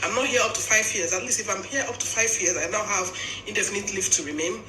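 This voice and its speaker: A young woman telling a cautionary story in a quick, chatty rush, her voice bright and forceful. She leans on emphatic points and checks in with "yeah?". The room is echoey, with a faint hum behind her. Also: medium pitch. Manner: chatty, emphatic, tag questions. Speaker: vlogger. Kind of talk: casual storytelling chat. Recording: roomy with faint noise.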